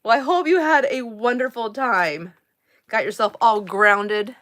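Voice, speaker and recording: A woman's voice: a little high, measured pace, fairly bright tone. Chatty woman hosting a live stream. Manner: chatty, laughs often, restarts sentences. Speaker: livestream host. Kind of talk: casual live-stream chat.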